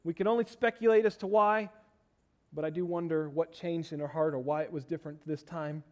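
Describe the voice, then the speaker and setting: A pastor preaching a sermon and leading a prayer, his voice climbing for emphasis and sinking low and quiet in prayer. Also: fairly even intonation, a little fast, lo-fi sound.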